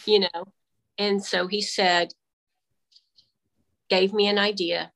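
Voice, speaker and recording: A woman's voice: mid-range voice, flat delivery, slow, fairly bright tone, poor audio. A woman on a remote call through earbuds, telling a faith testimony in casual conversation and animatedly acting out her own dialogue. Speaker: guest. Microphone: AirPods.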